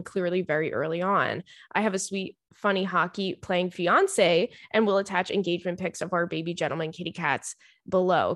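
A young adult woman hosting a podcast, chatting casually and telling animated stories with frequent laughs and swearing. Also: mid-range voice, dry recording, clean studio sound. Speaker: podcast host reading listener stories. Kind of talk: casual chat.

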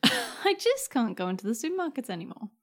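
A woman's voice: on the high side, fairly quick. A young woman co-hosting a podcast, telling stories in casual chat, acting out quotes and laughing often. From Australia. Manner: animated storytelling, acts out quotes, laughs often. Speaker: podcast co-host.

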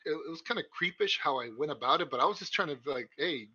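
A man's voice: a little high, animated, racing, bright, forceful tone, breathy edge, no room sound. A young man co-hosting a podcast, rambling through crude stories with lots of swearing and laughter. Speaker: podcast co-host. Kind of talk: casual chat. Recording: muffled lo-fi recording.

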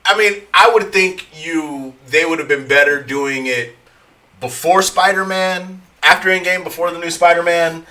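A man co-hosting a podcast in relaxed casual chat, with slang and acted-out jokes. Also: a little high, normal speed, far from the mic. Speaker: podcast co-host.

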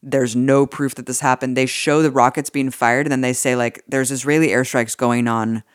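A woman's voice: very deep voice, fairly even intonation, normal speed, dry recording. Woman, podcast co-host, casual political talk, indignant and profane, filler-heavy, dry close sound.

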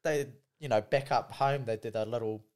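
A man's voice: mid-range voice, normal speed, a little mellow. A man with a New Zealand accent, co-hosting a casual, laid-back chat and often saying "bro" and "you know".

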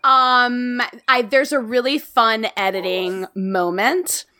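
A woman co-hosting a casual podcast chat about a TV series, animated, laughing often and swearing casually. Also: a little high, slow pace. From Latina heritage, not a place. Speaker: podcast co-host reviewing a TV series.

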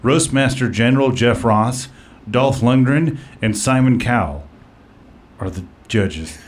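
Rambling and full of fillers, this man hosts a comedy podcast and recounts an absurd roast story in casual chat. His pitch sits in the middle and he speaks at a measured pace.

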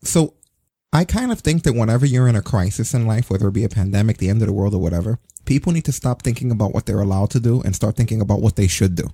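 A man hosting a casual wrestling news chat, sarcastic and animated, swearing as he rants. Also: on the low side, fast talker, husky, no echo, clean studio sound. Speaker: podcast host.

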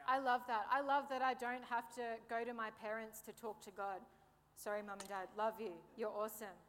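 A young woman preaching a sermon in a lively way, with joking asides and calls for an amen. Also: fairly high pitch, normal speed, a little hiss or hum. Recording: long hall reverb.

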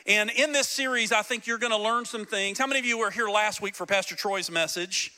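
A male pastor preaching in a church with a high, bright voice. He is animated and playful, throwing questions straight out to his congregation. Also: a little fast, smooth. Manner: animated, joking, talks directly to the congregation. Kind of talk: sermon. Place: church sanctuary.

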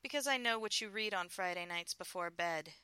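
A woman reading the lines of a playful adult husband teasing his wife over the phone, in a low murmur. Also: fairly quick, bright, forceful tone, clean tone, no echo.

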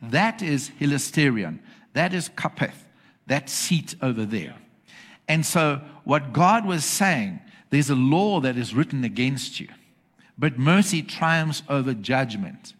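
A man's voice: mid-range voice, big pitch swings, slow pace. A man preaching a sermon in church, emphatic and often checking that the congregation is following. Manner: emphatic, asks the congregation for agreement.

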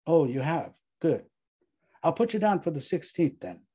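Hurried female therapist, read by a man, raised pitch, husky. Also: sing-song, warm tone.

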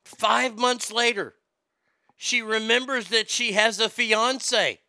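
A man's voice: very high voice, fairly even intonation, takes it slowly, bright, forceful tone, no echo. A man hosting a casual comedic chat, wisecracking about odd news stories. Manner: wisecracking, drifting into mocking bits.

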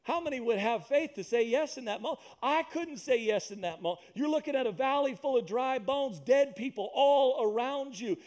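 High-pitched guy preaching in church, punchy and repetitive. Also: lively intonation, moderate pace, hardly any pauses, a little mellow. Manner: emphatic preaching, repeats phrases, asides and jokes. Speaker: pastor. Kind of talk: sermon. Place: church with loudspeakers.

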